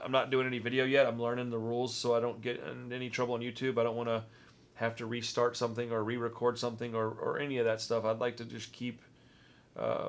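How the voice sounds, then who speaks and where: A man with a Texan accent hosting a casual movie-ranking vlog, talking with rambling enthusiasm and often repeating words. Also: mid-range voice. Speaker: movie review vlogger.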